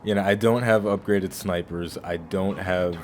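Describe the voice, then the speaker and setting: A man's voice: deep voice, fairly even intonation, a little slow, a little hiss or hum. A man hosting a video game playthrough, chatting casually and rambling, often restarting his phrases. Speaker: gaming channel host. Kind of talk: casual let's-play commentary.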